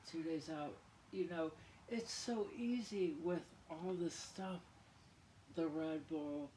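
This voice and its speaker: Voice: medium pitch, mellow, reverberant, a little hiss or hum, low-quality recording. A vlogger talking to camera in a rambling, casual monologue, often apologizing and drifting into rants. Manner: rambling, keeps apologizing, ranting.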